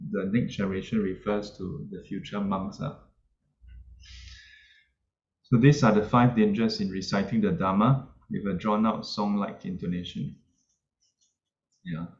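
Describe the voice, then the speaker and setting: A man giving an informal dharma talk as a Buddhist teacher, halting, with many fillers and soft chuckles. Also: lowish voice. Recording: roomy, muffled, faint background noise.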